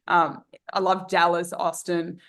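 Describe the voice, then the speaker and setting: A woman's voice: on the low side, little pitch movement, unhurried, a bit bright. An Australian woman in her thirties, a guest on a casual podcast, chatting in a rambling way with many fillers and restarts. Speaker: guest, dating coach.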